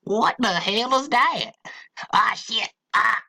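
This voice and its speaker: A shrill, piercing redneck man, put on by a man in a slow, drawn-out amateur voice act, yelping in frantic cries for help. His voice is sharp and strained, set against faint background noise. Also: creaky, full character voice. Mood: panicked. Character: panicky redneck man attacked by a creature.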